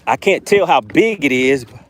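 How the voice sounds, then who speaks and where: A man hosting a live fishing stream from a boat outdoors, excitably narrating his catch and reading chat aloud. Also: medium pitch, normal speed, husky. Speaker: fishing livestream host.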